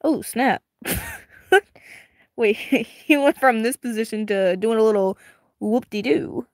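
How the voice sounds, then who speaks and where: A woman reacting to a webtoon as she reads it, excitable and giggly, chatting to her viewers in slang, her voice a little strained and tired. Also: fairly high pitch, takes it slowly, no echo, studio quality. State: strained, tiring voice. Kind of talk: casual reaction reading.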